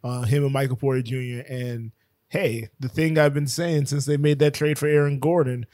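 A man's voice: mid-range voice, fairly even intonation, moderate pace, darkish tone, dry recording, clean studio sound. A man co-hosting a sports podcast in casual chat, joking, laughing often and restarting his sentences. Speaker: podcast co-host. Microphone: podcast microphone.

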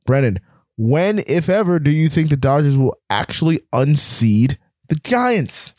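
A man's voice: a little high, sing-song, measured pace, a little mellow, dry recording, studio quality. Man teasing his co-host about sports picks. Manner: argumentative, teasing, sighing. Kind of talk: casual sports podcast chat.

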